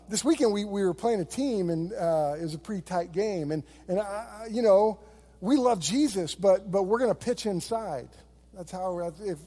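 A man's voice: high-pitched, dark tone. A middle-aged man preaching a sermon as a pastor, telling stories in a conversational way. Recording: long reverb of a large hall.

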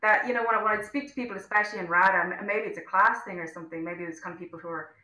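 Impassioned Irish woman, bright echoey voice. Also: mid-range voice, very fast. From Ireland. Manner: impassioned and outspoken, many restarts. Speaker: interview guest, actor-director. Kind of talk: casual interview chat.

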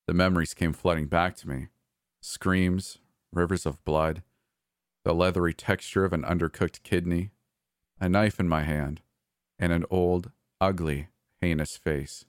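A man narrating a first-person horror story in a measured storytelling way. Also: low voice, fairly even intonation, clean tone, no echo, studio quality.

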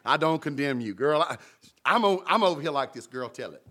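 A man preaching a sermon, animated and humorous, with sudden jumps in pitch. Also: a little fast. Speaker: pastor.

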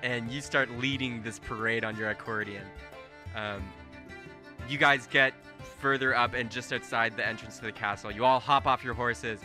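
A man running a tabletop game, telling the scene in a casual, rambling way. His voice is very bright and sits at a middle pitch. Faint music plays behind him. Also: fairly even intonation, moderate pace. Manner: casual, rambling, laughs often. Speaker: game master.

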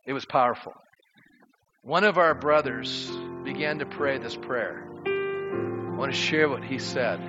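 A man's voice: mid-range voice, lo-fi sound. Impassioned male pastor preaching. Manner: impassioned preaching, swings from soft to loud. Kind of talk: sermon.

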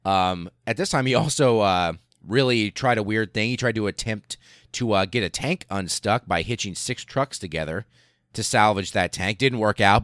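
A low-voiced man hosts a podcast, telling history in a loose, profane, animated way. His voice sits deep, and the recording is close and dry with no room sound. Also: no room sound. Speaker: podcast host. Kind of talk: casual history storytelling.

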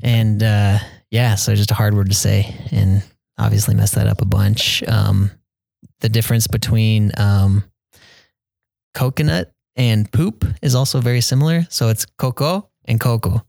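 Soft-spoken young man with a gravelly voice. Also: on the low side, steady tone, unhurried, no echo. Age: young adult. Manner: soft-spoken, hesitant with many ums, quotes people in a raised voice. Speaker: returned missionary guest. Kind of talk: casual interview.

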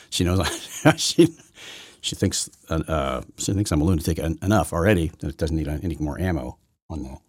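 A man hosting his own podcast from his basement, rambling through a political rant that swings from loud outbursts to low muttering, with many restarts. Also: animated, normal speed, pauses often, slightly rough, no room sound. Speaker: podcast host. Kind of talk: solo political commentary rant. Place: home basement.

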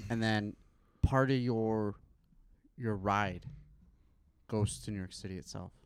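A man's voice: lowish voice, slow pace, smooth, dry recording. A man in a casual podcast chat who asks blunt joking questions.

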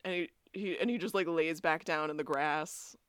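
A woman co-hosting a podcast in a lowish voice, recorded close and dry with no room sound. She recaps a TV episode in loose casual chat, cursing freely and acting out the characters' lines. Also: moderate pace, clear, resonant tone, no room sound. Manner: animated, swears freely, acts out quotes. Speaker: podcast co-host.

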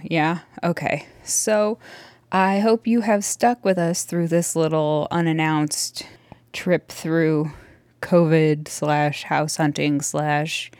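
A woman's voice: low voice, darkish tone, no room sound. A woman podcast host giving a casual, rambling solo update from her dining room, sounding out of breath and apologetic. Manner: chatty, apologetic, rambling with many fillers. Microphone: close handheld microphone.

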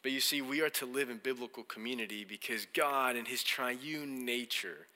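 A man preaching to his congregation in a big, echoing church hall. His voice is very bright and forceful, and his tone swings between animated storytelling with acted-out lines and slow, deliberate scripture reading. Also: medium pitch. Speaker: pastor. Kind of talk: sermon. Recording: long hall reverb.

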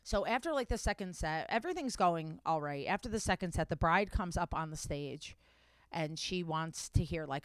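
A woman host tells a long story in a loose, candid way, swearing freely and stopping to correct the order of events. Her voice is smooth and clear. The recording is dry and close. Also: low voice, a little fast, no echo. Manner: backtracks and corrects herself mid-story. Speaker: podcast host. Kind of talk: casual storytelling.

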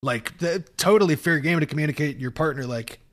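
A man's voice: a little high, brisk. A man co-hosting a podcast, talking in a loose, laughing, profane way with lots of restarts. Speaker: podcast co-host. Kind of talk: casual chat.

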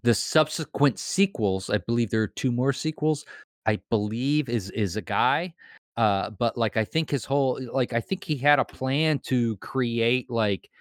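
Halting man on a podcast, dry mic. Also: medium pitch, no echo. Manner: halting, repeats words, thoughtful. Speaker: podcast co-host. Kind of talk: casual chat.

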